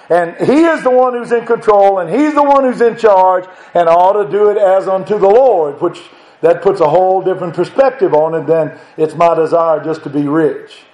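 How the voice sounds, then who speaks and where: Male preacher, high voice, emphatic sermon delivery, echoey sanctuary sound. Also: darkish tone. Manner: rising to emphatic high-pitched exhortation. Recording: echoey room.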